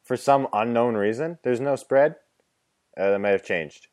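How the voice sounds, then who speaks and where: A man's voice: mid-range voice, measured pace, darkish tone. A man co-hosting a sports podcast, giving opinionated picks and ranting in a casual chat.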